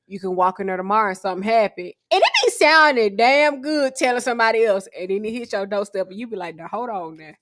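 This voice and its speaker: A woman talks on a casual podcast in a wry, joking way. Her voice sits in an ordinary middle pitch, and she draws out her stories. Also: lively intonation, a bit bright, a little hiss or hum. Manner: wry, joking, drawn-out storytelling. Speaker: podcast co-host.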